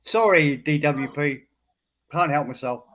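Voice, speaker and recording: A man with a slightly higher voice chats over a call, stumbling and repeating words as he gets going. He stays polite and friendly in tone. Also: measured pace, fairly bright tone. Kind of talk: casual online voice chat.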